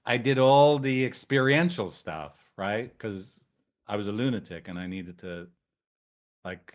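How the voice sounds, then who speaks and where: Blunt, swearing male therapy teacher. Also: fairly low pitch. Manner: blunt, swears freely, leans on "right?". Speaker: couples therapist and trainer. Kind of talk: casual teaching talk. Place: training room with whiteboard.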